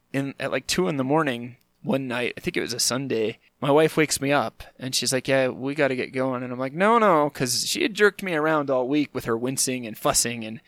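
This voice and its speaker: A man's voice: mid-range voice, a bit bright, dry recording. A man in his thirties hosting a podcast, telling a comic story about himself in a playful, self-mocking way and acting out quotes in exaggerated voices. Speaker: podcast host.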